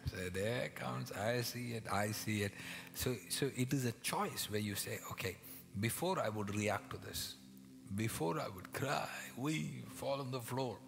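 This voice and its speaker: A man's voice: mid-range voice, a little slow, creaky. Male pastor, dramatic sermon delivery, whispers and bursts, long church reverb with music bed. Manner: dramatic, swings between loud acted quotes and hushed whispers.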